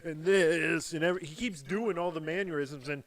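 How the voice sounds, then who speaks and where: A fairly high-pitched man hosts a laid-back wrestling podcast, talking at normal speed. He's an animated storyteller who laughs often and breaks into impressions.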